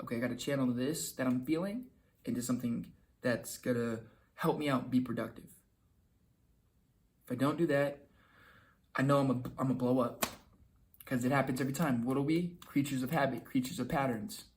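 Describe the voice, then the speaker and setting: A young man giving casual motivational advice to camera, talking loosely and acting out little quoted exchanges. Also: mid-range voice. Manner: conversational, repeats himself, acts out quick quoted lines. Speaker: self-help video host.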